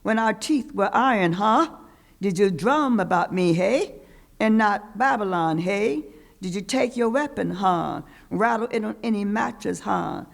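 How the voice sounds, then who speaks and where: A woman's voice: mid-range voice, animated, a little slow, vocal fry. A woman voicing ancestral spirits who chant questions with repeated calls. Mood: insistent. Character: ancestral spirits calling out insistently.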